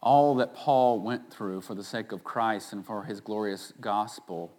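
A man preaching a sermon, swinging between loud, stressed phrases and quiet, conversational asides to his congregation. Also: lowish voice, measured pace. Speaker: pastor.

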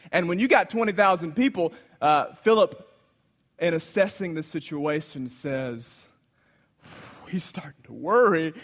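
A man preaching a sermon, swinging between loud exclamations and hushed asides as he retells a Bible story. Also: on the high side, husky. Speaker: pastor.

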